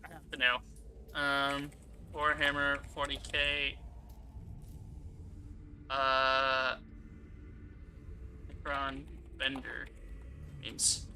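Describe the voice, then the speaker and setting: A man's voice: medium pitch, completely flat delivery, extremely slow, long pauses, sharp tone, a little hiss or hum. A man giving casual, rambling gameplay commentary, laughing often and swearing freely. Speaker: gaming streamer.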